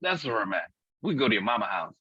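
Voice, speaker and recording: Low husky man, frank and profane. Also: very animated, fast talker, bright, forceful tone, no echo. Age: 40s. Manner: frank, profane, laughs at own jokes. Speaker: podcast co-host. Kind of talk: candid comedic chat. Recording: dull dry lo-fi recording.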